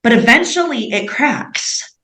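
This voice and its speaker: A woman tells her missionary stories as an interview guest, animated and chatty, full of "like." Her voice sits on the higher side. The recording has a roomy echo. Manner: animated, fast-paced anecdotes with frequent "like". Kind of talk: storytelling in an interview.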